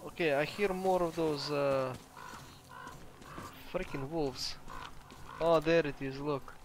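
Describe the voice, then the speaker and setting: A man with a Russian accent giving chatty, excitable let's play commentary to his viewers. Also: fairly high pitch, takes it slowly, a little hiss or hum. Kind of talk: gameplay commentary.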